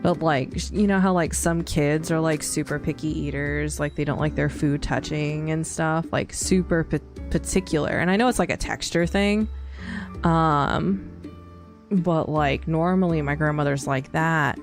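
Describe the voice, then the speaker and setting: A woman with a low voice and a gravelly, fry-laden edge chats loosely with her stream audience. She rambles, full of fillers. Soft music plays underneath. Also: measured pace. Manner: rambling, many fillers and laughs. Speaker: streamer chatting with live chat. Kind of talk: casual chat.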